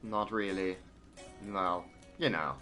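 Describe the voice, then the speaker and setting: A man's voice: low-pitched, slow, bright, forceful tone, faint music behind. A man streaming a game who reads its newspaper clippings aloud, then drops into hesitant, filler-heavy asides with dry, wry remarks. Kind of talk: reading game text aloud and commenting on it.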